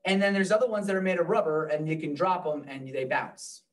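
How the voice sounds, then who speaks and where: A man's voice: on the high side, fairly even intonation, a little fast, far from the mic. A man leading a live real estate training class, talking loosely and joking with the room.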